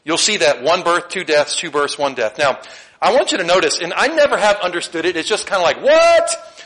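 A man's voice: fairly high pitch, animated, brisk, sharp tone. A male preacher delivering a conversational sermon, asking the congregation questions and laughing often.

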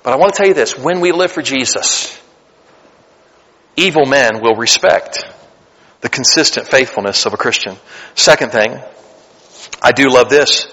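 A man's voice: medium pitch, animated, normal speed, pauses often, pushed and bright, slightly rough, long reverb tail. A man in his late forties preaching a sermon, talking to the congregation in a conversational way and building to emphatic bursts. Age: 40s. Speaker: pastor. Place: church sanctuary.

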